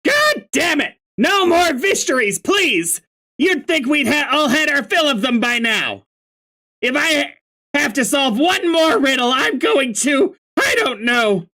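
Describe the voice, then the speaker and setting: A reader voicing a hot-tempered young male troll who shouts and rants in exasperation. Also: sits high, very animated, slow, voice pushed up, heavily acted. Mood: angry ranting.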